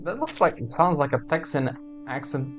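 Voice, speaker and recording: A man's voice: a little high, lively intonation, normal speed, over music. A man reading a video game's story aloud, adding chatty, wry comments. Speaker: game streamer reading aloud. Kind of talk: reading game text with casual asides.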